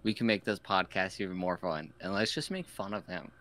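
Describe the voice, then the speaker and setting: A man's voice: sits low, fairly quick, bright, forceful tone. A young man on a podcast, chatting casually and jokingly, slipping into silly voices now and then. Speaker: podcast host. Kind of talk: casual chat.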